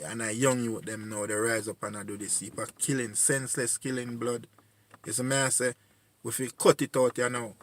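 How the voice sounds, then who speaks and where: A man's voice: medium pitch, no echo. Pleading Jamaican man, dry close sound. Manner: pleading, repetitive, heartfelt. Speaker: community voice addressing young men. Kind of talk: earnest spoken appeal.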